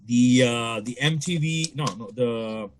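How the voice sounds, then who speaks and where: A young man from the Toronto area casually telling a story on a podcast, swearing, laughing, and jumping into high voices at the punchlines. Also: measured pace, a little hiss or hum. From Canada, Toronto area.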